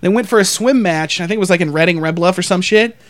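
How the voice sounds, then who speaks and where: A young man with a high voice talks crudely with his co-host, swearing freely and laughing. He bursts into loud shouted impressions. The sound is dry and close. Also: fast talker, no echo. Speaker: podcast co-host. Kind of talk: crude casual banter.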